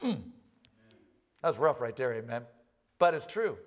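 A male pastor preaching a sermon in church, reading scripture and explaining it with animated emphasis, rising loud at key points and dropping low when he acts out quoted lines. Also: measured pace.

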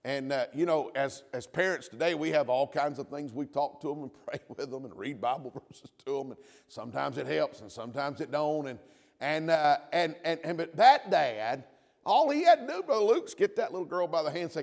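Man, middle-aged, preacher, fervent sermon, repeats amen, slightly high voice, long hall reverb. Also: normal speed, gravelly. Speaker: pastor. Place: church sanctuary.

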